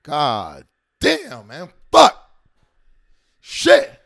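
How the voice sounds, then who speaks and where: A man's voice: on the high side, huge pitch swings, drawn-out words, creaky, a bit bright. Profane, emphatic male show host. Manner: emphatic, swears a lot, restarts sentences. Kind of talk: profane rambling commentary.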